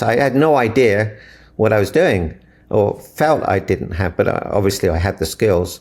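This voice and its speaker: A man from Africa speaks with a very low, gravelly voice as a relationship mentor in an interview. He tells earnest, inspirational stories and acts out the conversations in them. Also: moderate pace, darkish tone. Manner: earnest, inspirational, retells dialogue. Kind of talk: storytelling interview answers.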